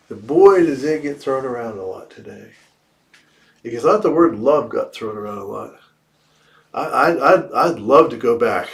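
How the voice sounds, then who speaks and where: A man speaking at an unhurried, deliberate pace as he gives a dharma talk. His pitch sits in an ordinary middle range. He poses questions to his listeners and circles back over key phrases as he works through a teaching. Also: gravelly, a bit bright. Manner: reflective, asks rhetorical questions and repeats key phrases. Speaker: Buddhist teacher. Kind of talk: dharma talk after meditation. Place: livestreamed evening service.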